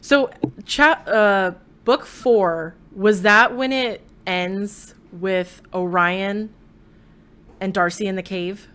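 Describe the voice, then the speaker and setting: A woman's voice: mid-range voice, slow pace, clean tone. A young adult woman hosting a podcast, chatting casually and telling stories with laughter. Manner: animated storytelling, laughs often. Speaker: podcast host. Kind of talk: casual chat.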